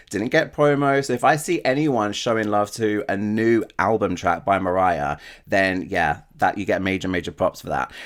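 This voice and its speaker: A man hosting a podcast interview, an eager fan who gushes and asks quick follow-up questions. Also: medium pitch. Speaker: podcast host.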